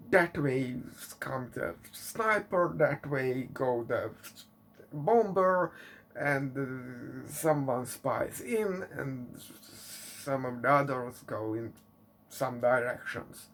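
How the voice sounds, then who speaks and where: Slow-talking man, exasperated. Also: mid-range voice, animated, a bit bright, a little hiss or hum. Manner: exasperated rhetorical questions, many fillers and restarts. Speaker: movie reviewer. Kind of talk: casual spoken movie review.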